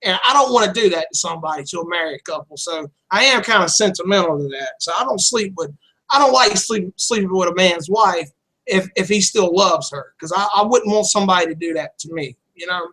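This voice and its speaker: A man's voice: high voice, animated, a little fast, sharp tone, rough recording. A man telling a candid personal story in casual chat, rambling and blunt, swearing freely. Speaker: channel host.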